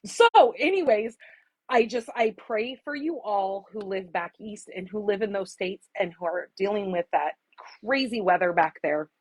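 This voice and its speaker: A woman in her forties from Arizona hosts a casual craft livestream from her home craft room, chatting with viewers, greeting them by name, and sometimes getting emotional. Her voice is mid-range and husky at a moderate pace. The low-quality recording has no room sound.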